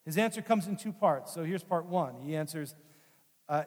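A high-voiced male pastor preaches in an earnest, conversational way and leans on repeated phrases. His voice carries a long hall reverb. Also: normal speed, a little mellow. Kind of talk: sermon.

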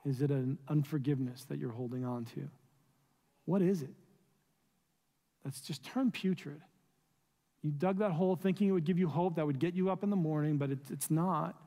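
A man's voice: fairly high pitch, fairly even intonation, normal speed, long pauses, warm tone. A male pastor preaching a sermon, earnest and pleading, asking his listeners rhetorical questions. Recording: long reverb of a large room.

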